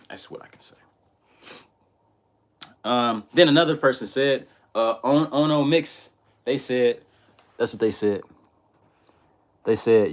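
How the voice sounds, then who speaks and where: A man ranting on a live stream, heated and repetitive, swinging from a low mutter to loud outbursts. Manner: many fillers and restarts. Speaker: online commentator.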